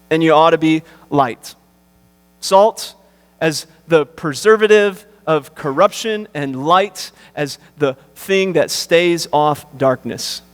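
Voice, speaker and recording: A man pastor preaching a sermon, slowing down and rising to stress key phrases, with relaxed conversational asides in between. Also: on the high side, big-room sound. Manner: emphatic preaching, slows and rises on key phrases; conversational asides with fillers and repeats. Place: church sanctuary.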